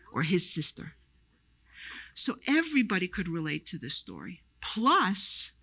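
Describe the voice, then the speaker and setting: A woman music scholar giving a live lecture, telling stories in a lively way and breaking into short chants as examples. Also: medium pitch, dry recording. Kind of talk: live lecture with sung demonstrations. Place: lecture hall before a live audience.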